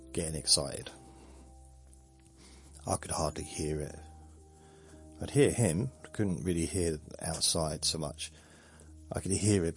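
A man's voice: deep voice, a bit bright. A man hosting a podcast in a chatty, rambling, self-mocking monologue. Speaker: podcast host.

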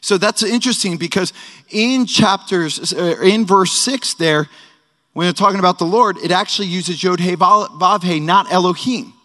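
Preaching in a worship hall full of echoing reverb, a man in his thirties teaches with a laid-back, humorous style and lots of chatty asides. He has a high-pitched, bright, forceful voice and keeps a moderate pace.

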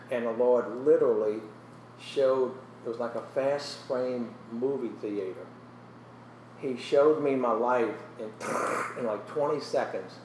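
A man's voice: medium pitch, slow pace, echoey room, distant mic, a little hiss or hum, low-quality recording. Earnest man telling his testimony. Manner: earnest storytelling, often drops to a soft, emotional voice. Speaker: guest sharing his testimony. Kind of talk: personal testimony in a Christian interview.

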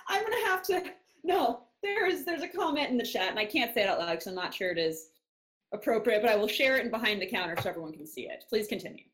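A woman co-hosting a podcast, speaking in a quick, chatty manner. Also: on the high side, expressive, a bit bright. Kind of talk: casual chat.

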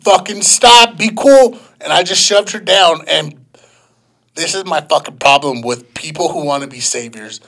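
Male co-host, high and raspy, animated profane storyteller. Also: moderate pace. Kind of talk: casual storytelling.

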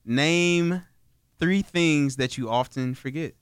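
A man co-hosting a casual podcast, reading out game questions in a playful, teasing way and often trailing off quietly. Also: a little high, slow, smooth, dry recording, studio quality. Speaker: podcast co-host and game reader.

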